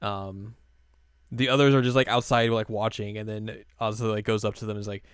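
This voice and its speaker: A man casually recapping an anime episode, acting out the characters' lines in livelier, higher voices. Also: brisk, clean tone, no echo, clean studio sound. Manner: animated retelling, acts out characters' lines in raised voices. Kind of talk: casual chat.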